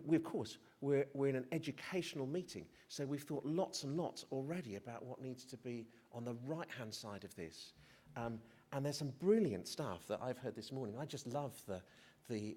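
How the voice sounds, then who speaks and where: A man's voice: mid-range voice, moderate pace, darkish tone, breathy edge. A middle-aged male physician giving a conference presentation, hesitant and prone to restarts, with self-deprecating humour. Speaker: physician speaker. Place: conference hall.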